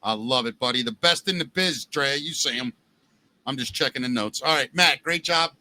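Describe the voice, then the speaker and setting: A middle-aged man hosting a casual podcast chat, telling stories in an animated way, acting out quotes and swearing freely. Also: medium pitch, normal speed. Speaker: podcast host.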